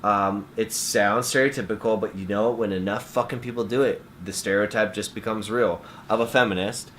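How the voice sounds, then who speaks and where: A young man from Washington State, co-hosting a podcast, telling a story in an animated, profane way. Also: fairly low pitch, moderate pace, slight background noise. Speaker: podcast co-host. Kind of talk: casual storytelling.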